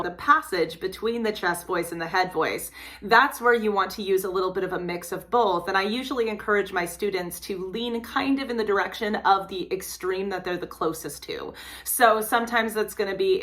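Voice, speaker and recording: Young woman voice teacher breaking down a singer's technique, bright clear tone, chatty. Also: medium pitch. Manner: explanatory, teacherly, casual. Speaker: opera singer and voice teacher reacting to a performance. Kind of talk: reaction commentary.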